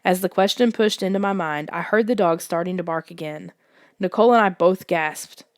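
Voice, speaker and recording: Reading a scripted suspense story for an audiobook, a hushed female narrator speaks at normal speed in a fairly low voice. The studio-quality audio has no room sound.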